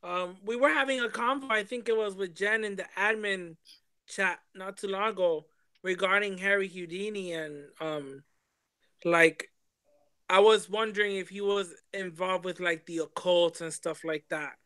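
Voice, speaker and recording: Male guest, high smooth bright voice, dry sound, rambling casual talk. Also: moderate pace, dry recording. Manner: chatty, loose, lots of ums and likes. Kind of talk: casual live-stream chat.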